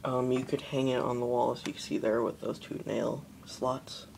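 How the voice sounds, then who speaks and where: A man talks through a fan in a relaxed, meandering way, his voice gravelly and level with little rise or fall. A faint hum of noise sits behind him in a small apartment. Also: medium pitch, normal speed. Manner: relaxed, rambling, with fillers. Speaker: video maker showing a fan. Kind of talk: casual product show-and-tell.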